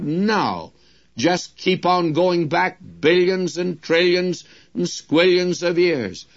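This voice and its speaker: Male radio Bible teacher, slightly high voice, very slow and emphatic delivery, talks to listeners as friends. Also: a bit bright, highs cut off.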